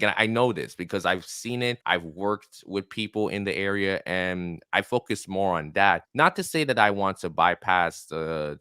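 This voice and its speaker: Deep-voiced young man, dry clear sound. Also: fairly bright tone, dry recording. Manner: enthusiastic, heavy use of "like" fillers. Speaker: podcast guest, entrepreneur. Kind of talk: casual interview chat. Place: his own room.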